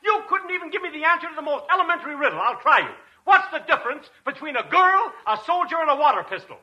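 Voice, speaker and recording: A man playing a loud, pompous know-it-all in a 1940s radio comedy, on a scratchy old broadcast recording. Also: very high voice, expressive, fast talker, muffled recording, full character voice. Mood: taunting. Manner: loud, taunting.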